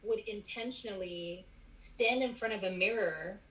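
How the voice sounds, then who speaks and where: A woman, a clinical psychologist, chatting as a podcast guest, animated and laughing often as she tells stories. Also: medium pitch, a little slow, low-quality recording. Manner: animated storyteller, laughs often, quotes her parents. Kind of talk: casual podcast conversation. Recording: audio-only podcast.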